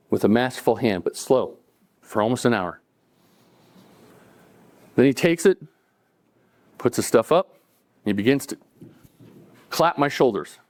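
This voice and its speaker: Man, middle-aged, storyteller, relaxed, chatty, average pitch. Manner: relaxed, conversational, with chuckles and acted-out quotes. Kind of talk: live personal storytelling.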